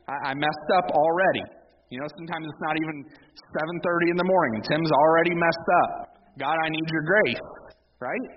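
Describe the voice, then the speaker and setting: A man in his thirties preaching a sermon with a slightly higher pitch than most men, talking to the congregation in a conversational, folksy way. The recording is dull and lo-fi, and a long reverb trails off in the big hall. A faint noise sits underneath. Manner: conversational, folksy preaching with asides and small laughs. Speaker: pastor.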